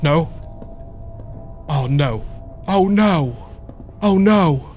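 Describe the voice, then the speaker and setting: A man's voice: fairly high pitch, expressive, very slow, a little mellow. Young male gamer, panicky horror let's play host, swears a lot and screams, voice leaping all over. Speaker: gaming video host. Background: game music.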